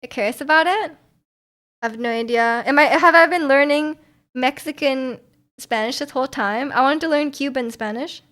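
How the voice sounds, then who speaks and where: A woman's voice: sits high, moderate pace, a bit bright. A young woman streaming, chatting casually with viewers and reading their comments, rambling with frequent ums and restarts, her voice slightly sore.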